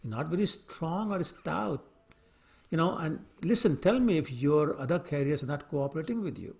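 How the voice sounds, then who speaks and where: A man's voice: fairly high pitch, lively intonation, normal speed, creaky. A man voicing an arrogant, hot-tempered king who mocks and scolds a servant in a retold story. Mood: sarcastic. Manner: sarcastic, then yelling and scolding.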